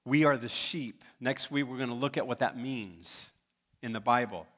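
A man's voice: medium pitch, moderate pace, fairly bright tone. Conversational male pastor preaching. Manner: conversational, joking asides to the congregation. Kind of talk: sermon. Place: church sanctuary.

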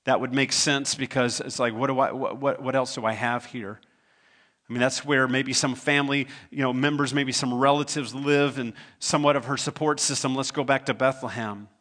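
A man's voice: medium pitch, fairly even intonation, moderate pace, fairly bright tone. A man preaching a sermon as pastor. He retells a scripture story in his own conversational words, earnest and stumbling now and then over repeated words.

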